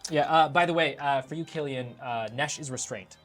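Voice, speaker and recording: A man narrating a live tabletop game as its dungeon master. He is playful and laughs often, tossing off quick asides. His voice sits in a middle register, with faint music in the background. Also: mid-range voice, a bit bright.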